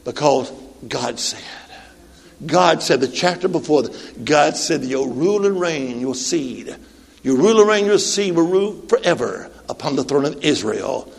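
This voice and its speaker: A man in his sixties preaching a Pentecostal sermon. He calls for amens, shouts and sings out his lines. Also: a little high, expressive, moderate pace, vocal fry. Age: 60s. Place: church sanctuary. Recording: long hall reverb.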